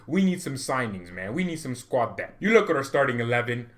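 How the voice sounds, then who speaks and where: A man vlogging as a football fan, ranting in a loud, playful, exaggerated way and jumping into comic asides. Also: medium pitch, a little fast. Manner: swings from mock-romantic murmur to loud excited ranting. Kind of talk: animated fan rant.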